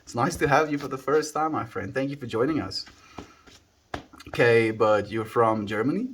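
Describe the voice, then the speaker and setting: A man's voice: mid-range voice, normal speed, slight background noise. Laid-back South African man streaming. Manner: laid-back, musing, thanks viewers by name. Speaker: livestreamer. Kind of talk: casual livestream chat with viewers. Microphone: handheld phone.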